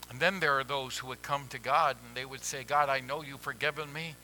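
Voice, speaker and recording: A man preaching a sermon as pastor, who drops to hushed near-whispers and rises to loud pleading. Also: medium pitch, fairly even intonation, a little fast, few pauses, rough recording.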